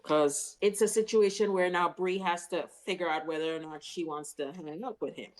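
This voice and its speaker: Brief: woman podcast co-host, lowish voice, short casual remarks. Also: moderate pace, rough recording. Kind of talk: casual chat.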